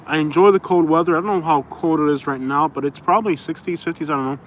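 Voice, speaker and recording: Brief: man hosting a rambling outdoor live chat, slightly higher voice, faint traffic hum. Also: fairly even intonation, quick pace. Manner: rambling, chatty, reads viewer comments aloud. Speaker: livestream host. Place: outdoors in a suburb.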